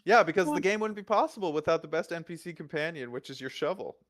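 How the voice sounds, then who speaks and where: A man in casual livestream chat, deadpan and teasing. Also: a little high, fast talker, a loud crowd.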